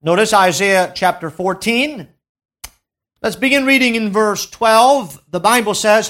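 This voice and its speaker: High-pitched male preacher, emphatic sermon delivery with big swings in volume. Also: a little slow, fairly bright tone. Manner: emphatic, swells and drops in volume; asks the congregation to fill in words.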